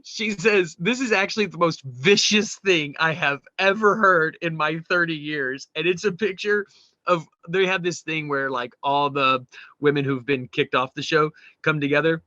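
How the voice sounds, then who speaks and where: Man, podcast co-host, bright voice, slightly high, animated, dull dry recording. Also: moderate pace, dry recording. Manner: animated, swearing, mimics quoted people. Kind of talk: casual chat reading memes.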